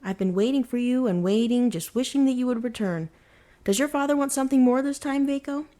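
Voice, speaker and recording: A woman voicing a tiny, cheerful female mouse princess in a bedtime storybook reading, speaking eagerly and brightly. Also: a little high, brisk, voice pushed up, natural voice. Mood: joyful. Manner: eager, lively.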